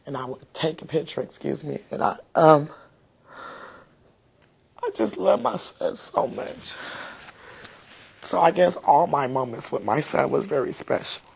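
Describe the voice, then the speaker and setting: A woman's voice: sits low, lively intonation, unhurried, vocal fry, long pauses, darkish tone, husky. Heartfelt mother recalling her son. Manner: heartfelt, rambling with many fillers. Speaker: mother interviewed. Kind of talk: emotional interview recollection.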